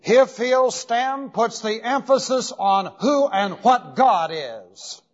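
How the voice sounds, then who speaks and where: A male pastor with an extremely high voice gives an expository sermon slowly and expressively. He is emphatic and methodical, repeating key terms as he explains them step by step. The dull lo-fi recording has long hall reverb.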